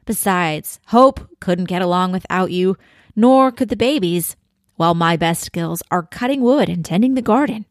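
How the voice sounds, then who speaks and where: A woman's voice: on the low side, moderate pace, no echo, studio quality, natural voice. A woman reading aloud as a headstrong, determined young woman of eighteen in a storybook passage. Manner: read-aloud storybook narration, first person.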